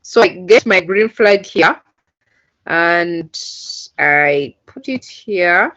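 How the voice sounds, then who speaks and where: A woman's voice: lowish voice, expressive, drawn-out words, fairly bright tone. A woman teaching a coding class over a video call, explaining patiently step by step with many fillers. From Uganda. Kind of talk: online class instruction. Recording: dull lo-fi call audio.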